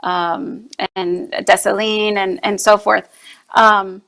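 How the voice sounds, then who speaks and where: Bright-voiced impassioned woman guest. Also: medium pitch, level tone, slow pace, creaky. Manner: earnest, forceful, repeats herself for emphasis. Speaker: guest, anti-trafficking activist; mother. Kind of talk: impassioned interview answers.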